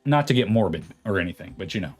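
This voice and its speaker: A man's voice: deep voice, animated, fast talker, husky, soft background music. A man in his late twenties chatting casually on a livestream, rambling and reading viewer comments aloud. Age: late 20s. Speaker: streamer host.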